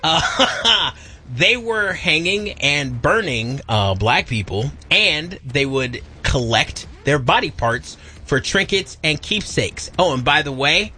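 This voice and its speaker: A man co-hosting a casual radio show, riffing loudly with exaggerated quoted outbursts. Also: on the high side, animated, takes it slowly, breathy edge. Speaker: radio co-host.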